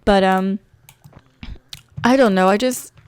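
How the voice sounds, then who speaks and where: A woman's voice: medium pitch, slow pace, clear, resonant tone. Chatty woman gushing over her game. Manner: excitable and chatty, gushing with frequent laughs. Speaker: let's play creator. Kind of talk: casual game commentary.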